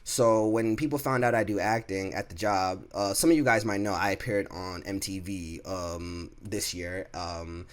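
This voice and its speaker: A man's voice: sits low, moderate pace, few pauses. A young man tells a story to camera. He talks casually, rambling and restarting, and slips into other people's voices to act them out. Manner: rambling, animated, acts out coworkers' lines. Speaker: vlogger.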